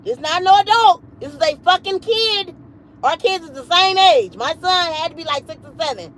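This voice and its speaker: A high-voiced woman in her late thirties tells a livestream story with animated, profane emphasis. She hammers her points home and keeps piling on the cussing. Faint background noise sits under her voice. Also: normal speed, low-quality recording. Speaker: livestream host.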